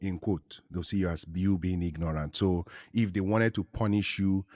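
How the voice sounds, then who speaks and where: A man hosting a casual chat show, telling stories with animated delivery and acting out the people in them. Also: low voice, normal speed, dry recording. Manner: animated storytelling, acts out voices in quotes. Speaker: show host.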